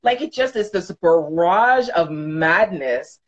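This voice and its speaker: A woman's voice: on the low side, lively intonation, takes it slowly, muffled recording. A woman in her thirties co-hosting a podcast, talking frankly and emphatically, swearing freely in casual chat. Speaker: podcast co-host.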